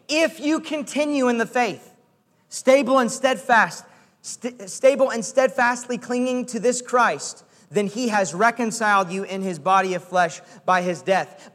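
A man's voice: very high-pitched, fairly bright tone, in a large hall. A man preaching a sermon in an earnest, emphatic way, repeating key phrases for weight.

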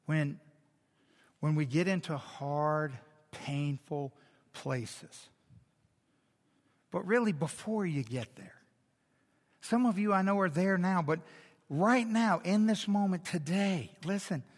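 A middle-aged man preaching a sermon as pastor, animated and conversational, swinging from loud to hushed. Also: sits high, takes it slowly, long pauses. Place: large church hall. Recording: long hall reverb.

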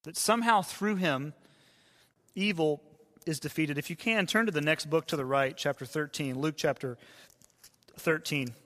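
A man who is a pastor, preaching a sermon in a conversational way and dropping to hushed tones for quoted voices. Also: fairly high pitch, normal speed, long pauses. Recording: long hall reverb.

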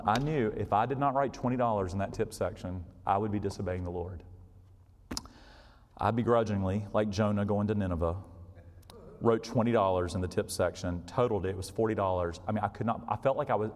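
A middle-aged man preaching a sermon as a story, swinging from hushed, low passages to loud, excited ones. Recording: long reverb of a large hall.

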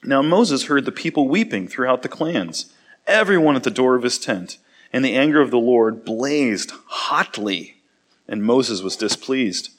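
A man's voice: mid-range voice, animated, a little slow. Man reading scripture with dramatic emphasis. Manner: reads dramatically, voicing the speakers with rising emphasis; casual asides with fillers and small slips. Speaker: Bible teacher. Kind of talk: scripture reading with casual commentary.

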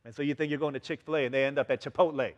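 A man's voice: medium pitch, rapid-fire, lo-fi sound. A man giving a sermon as pastor, telling everyday stories and acting out quoted lines with lots of energy. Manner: animated storytelling with acted-out quotes. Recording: long hall reverb.

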